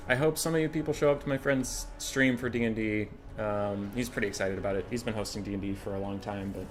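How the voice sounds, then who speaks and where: Excitable, chatty male game streamer. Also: lowish voice. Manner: excitable and chatty, swears casually, chuckles often. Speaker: streamer casting a game tournament. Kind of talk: casual live-stream game commentary.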